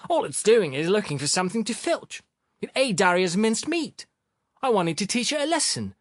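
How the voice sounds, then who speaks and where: A man's voice: mid-range voice, lively intonation, takes it slowly, a little mellow, no room sound, clean studio sound. A man doing a sullen, crude dog-turned-man. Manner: sullen, whiny, rough.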